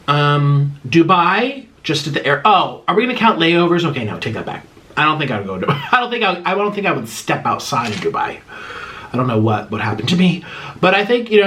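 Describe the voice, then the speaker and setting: A man's voice: a little high, bright, forceful tone. A man vlogger eating on camera and rambling emotionally through fan questions in casual chat.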